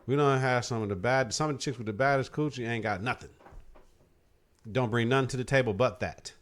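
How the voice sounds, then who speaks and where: A man's voice: mid-range voice, brisk. Blunt, profane podcast host man. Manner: blunt, profane, animated opinions. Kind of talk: casual chat.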